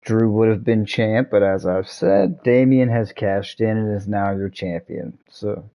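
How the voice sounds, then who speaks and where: A man's voice: lowish voice, animated, a little slow, vocal fry, muffled recording. A young man hosting a gaming video, rambling and joking with frequent laughs and swearing. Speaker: gaming channel host. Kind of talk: let's-play commentary.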